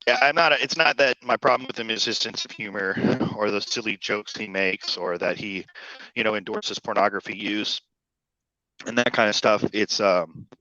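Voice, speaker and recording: A man co-hosting a podcast over a remote call, explaining his views in a measured way. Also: on the low side, pushed and bright, no room sound. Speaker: podcast co-host. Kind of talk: casual chat. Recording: dull lo-fi call audio.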